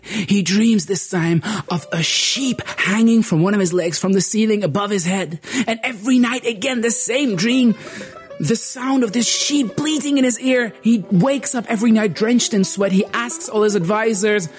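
A man performing a folk tale as a storyteller, expressive and dramatic, shifting pitch and pace. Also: unhurried, soft background music.

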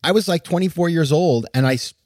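A man's voice: fairly high pitch, fast, a little mellow, no room sound. Exasperated male podcast host, dry sound. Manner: exasperated, emphatic, laughs while talking. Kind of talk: casual commentary.

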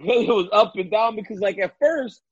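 A man from Louisiana with a high, husky voice, chatting casually and telling stories with lots of laughter. The sound is dry and a little dull, with a lo-fi edge. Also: normal speed, no echo. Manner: animated storytelling, laughs often. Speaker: co-host and fight analyst. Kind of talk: casual chat.

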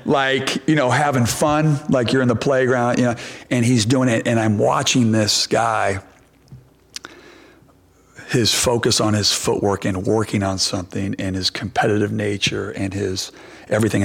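A man's voice: medium pitch, gravelly. A middle-aged man, a basketball coach, answering press questions and telling a long story with many restarts and fillers.

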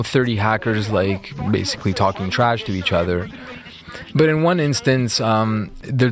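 A man being interviewed, retelling events in a fast, animated way with many fillers. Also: on the low side. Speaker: interview guest. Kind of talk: casual storytelling interview.

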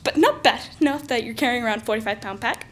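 A woman telling a personal story aloud in a lively, self-mocking way with lots of exaggeration. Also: on the high side, rapid-fire.

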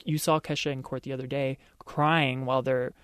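A man's voice: mid-range voice, flat delivery, moderate pace, fairly bright tone, clear, resonant tone, dry recording. A man from Baltimore co-hosting a casual podcast chat, emphatic and self-deprecating. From Baltimore, USA. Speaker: podcast co-host.

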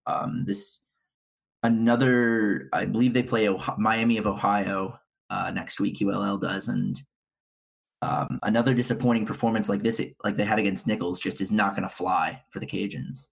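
A man's voice: lowish voice, fairly even intonation, normal speed, gravelly, breathy edge, rough recording. A man co-hosting a college football show, giving blunt, opinionated analysis of the games.

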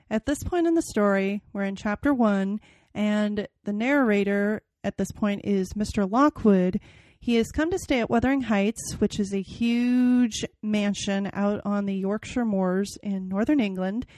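A woman's voice: medium pitch, a little mellow, no echo. A woman hosting a podcast, chatting casually and reading a novel passage aloud with dramatic expression. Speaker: podcast host.

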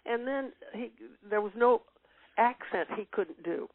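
A woman's voice: fairly high pitch, a little slow, no room sound. Older woman, interview guest, reminiscing, laughing, tinny phone line. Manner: reminiscing, warm laughs, many fillers. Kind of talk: casual interview chat.

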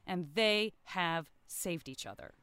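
A woman's voice: on the low side, lively intonation, slow, a crowd in the background. A young adult woman co-hosting a casual podcast chat, gushing and openly emotional as she recounts a scene. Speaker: podcast co-host.

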